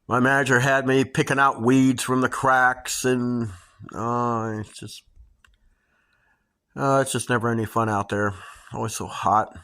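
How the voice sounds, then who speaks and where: A middle-aged woman host telling dramatic personal stories to her viewers in a casual, animated way. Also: a bass voice, measured pace. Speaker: homestead channel host.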